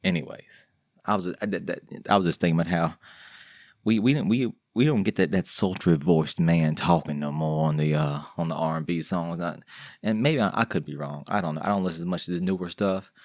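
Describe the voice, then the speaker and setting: Low-voiced guy rambling solo on his podcast, jokey and slangy, dry close sound. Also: fairly quick, darkish tone, dry recording. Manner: rambling, slangy and joking, with many restarts. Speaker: podcast host. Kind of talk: casual solo podcast monologue.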